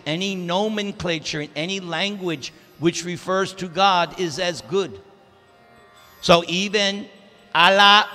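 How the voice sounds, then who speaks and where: A man's voice: high-pitched, pushed and bright. A man giving a scripture class in a temple, speaking emphatically and drawing out key words as he teaches. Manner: emphatic, drawn-out teaching delivery. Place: temple hall. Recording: reverberant temple hall with faint music.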